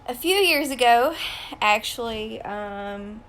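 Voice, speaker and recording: A woman in her thirties talking straight to her viewers in a personal vlog, hesitant and full of pauses, close to tears. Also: a little high, animated, a bit bright. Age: 30s. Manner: hesitant, many ums, fighting back tears. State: emotional, close to crying. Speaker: vlogger.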